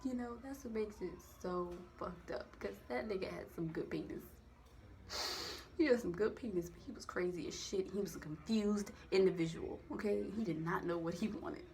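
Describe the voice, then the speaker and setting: A young woman telling a personal story to the camera in a candid, profane, animated way, acting out the voices in her quotes. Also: mid-range voice, moderate pace, slight background noise. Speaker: vlogger. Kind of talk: casual storytime monologue.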